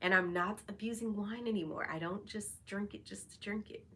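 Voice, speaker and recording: A woman's voice: medium pitch, moderate pace, fairly bright tone. A woman hosting her own vlog, talking candidly and casually about feelings, with lots of fillers. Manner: candid and chatty, many fillers. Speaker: vlog host. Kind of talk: casual personal talk over wine.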